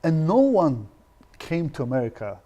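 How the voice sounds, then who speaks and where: A man's voice: fairly high pitch, huge pitch swings, moderate pace, warm tone. A man appearing as a guest on a talk show, speaking earnestly and passionately. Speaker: guest activist.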